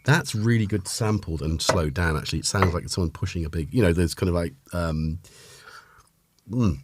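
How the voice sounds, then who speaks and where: A man's voice: low-pitched, moderate pace, background noise. A man from North Wales with a North Welsh accent, hosting a casual livestream and chatting in a rambling way while reading out viewers' names. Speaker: host.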